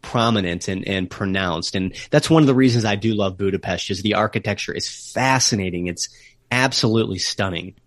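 Lower-voiced man explaining travel history. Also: dry recording, studio quality. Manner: explanatory, slows to stress key words. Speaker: travel podcast co-host. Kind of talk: casual podcast chat. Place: remote call recording.

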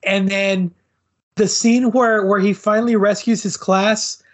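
A man's voice: high voice, flat delivery, a little slow. A man co-hosting a podcast, chatting casually and enthusiastically about a movie, often saying "bro" and "dude". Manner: laid-back, says "bro" and "dude". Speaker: podcast co-host. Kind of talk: casual film review chat.

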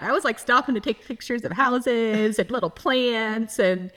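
A woman's voice: on the high side, moderate pace, few pauses, fairly bright tone. A woman co-hosting a podcast in casual chat, talking candidly and swearing freely as her voice swings up and down. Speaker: podcast co-host.

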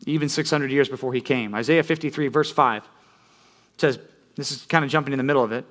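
A man's voice: medium pitch, fast, fairly bright tone. A man preaching a sermon in a conversational way, often checking in with listeners with "right?" and building up intensity as he tells stories. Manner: storytelling with rising intensity. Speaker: pastor.

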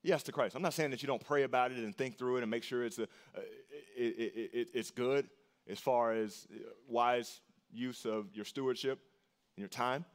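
A man preaching a sermon as pastor, earnest and emphatic, repeating short phrases for weight and jumping up in pitch on key lines. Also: moderate pace.

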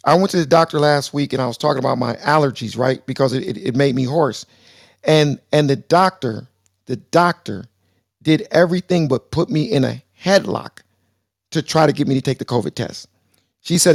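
A man's voice: a little high, lively intonation, brisk, creaky, no room sound, clean studio sound. A man hosting a live call-in show, rambling loosely through a story. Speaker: host.

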